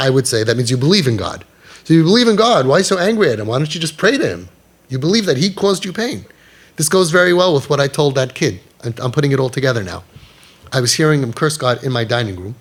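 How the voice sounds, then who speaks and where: A middle-aged man giving a parenting talk, telling stories animatedly, acting out quoted dialogue and asking emphatic rhetorical questions. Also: mid-range voice. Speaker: parenting guide.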